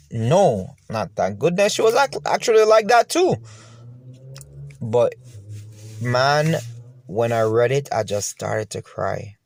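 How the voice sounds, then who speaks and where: A Jamaican man with a fairly low, gravelly voice tells his own painful story straight to the camera, emotional and repeating himself. The sound is clean studio quality with no echo.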